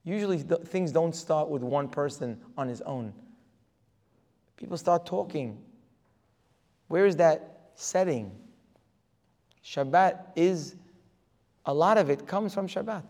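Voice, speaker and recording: A man's voice: on the high side, animated, takes it slowly, long pauses, a little mellow. A man giving a religious lecture as a Torah teacher, emphatic and full of rhetorical questions. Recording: long reverb of a hall.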